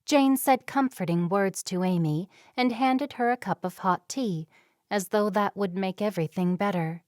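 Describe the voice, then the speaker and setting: A woman narrating a romance novel audiobook in a calm, even storytelling manner, close to the microphone. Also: medium pitch, normal speed, no room sound. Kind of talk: scripted narration.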